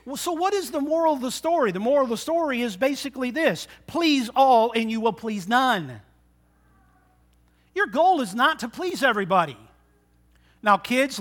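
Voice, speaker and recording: Male preacher, high bright voice, chatty sermon in church, questions to the pews. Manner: conversational, asks the congregation questions.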